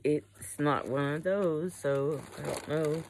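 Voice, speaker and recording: A woman's voice: sits low, slow, noisy background. A young adult woman chatting casually while unboxing a haul. She rambles, swears freely and often trails off mid-sentence. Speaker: vlogger.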